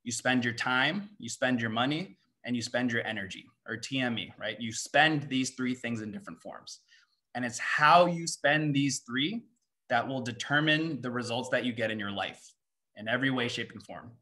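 A man's voice: mid-range voice, bright, forceful tone. A young man giving a motivational seminar to students, firing off rhetorical questions and ending points with "right?". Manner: rapid-fire rhetorical questions, frequent "right?". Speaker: seminar speaker and mindset coach.

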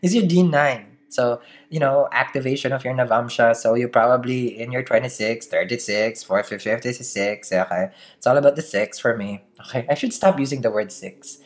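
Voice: medium pitch, moderate pace. Chatty tarot reader with a slight accent. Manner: chatty, laughs often, keeps asking "okay?". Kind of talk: casual daily tarot reading to camera.

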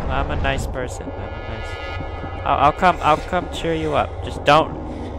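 A young man doing let's play commentary on a horror game, chattering nervously and breaking into loud, panicked yelps. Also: medium pitch, measured pace, long pauses, background noise. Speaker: gaming YouTuber. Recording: game music loud behind the voice.

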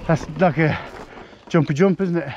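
A man films his mountain bike ride on a helmet camera along a wooded hill trail, exclaiming and laughing in breathless bursts of excited commentary. His voice is a little high at a moderate pace, and the audio is muffled with wind and trail noise.

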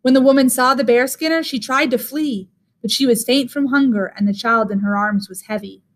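Woman reading a fairy tale aloud. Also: fairly high pitch. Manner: measured, expressive. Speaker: teacher.

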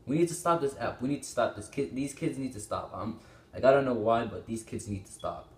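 A man's voice: medium pitch, fairly quick, a little mellow, roomy sound. A teenage boy hosting a reaction video, rambling and exclaiming, often swearing, on a small microphone. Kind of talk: casual reaction commentary. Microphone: small desktop microphone.

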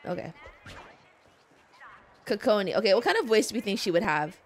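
A woman's voice: medium pitch, sing-song, brisk. A young woman streaming a game and chatting casually, rambling with lots of fillers and restarts.

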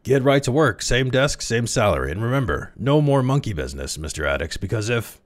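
A man's voice: medium pitch, big pitch swings, voice pushed up. A man putting on a blustering office boss. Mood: brisk. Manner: brisk, loud, incredulous. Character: blustering middle-aged male office boss.

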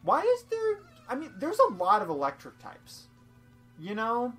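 A woman's voice: fairly high pitch, wildly swooping pitch, a little slow, fairly bright tone, slightly rough. A young woman doing goofy, rambling let's-play commentary with frequent laughs, over faint game music. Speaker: game streamer.

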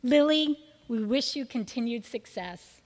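A woman reading prepared tributes to graduating students at a school ceremony, in a measured, list-like delivery of praise. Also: a little high, expressive, very noisy. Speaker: school speaker presenting seniors. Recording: long reverb of a large hall.

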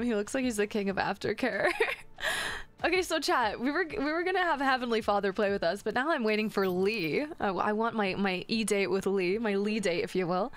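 A woman's voice: medium pitch, a bit bright. A woman streamer chatting casually with her viewers while gaming, joking in a playful, crude and flirty way.

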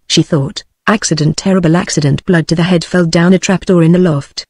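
A text-to-speech voice of a British woman reading a novel aloud in an even, measured way. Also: lowish voice, no echo, clean studio sound. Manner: even, measured synthetic delivery. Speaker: audiobook narrator. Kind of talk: synthetic audiobook narration.

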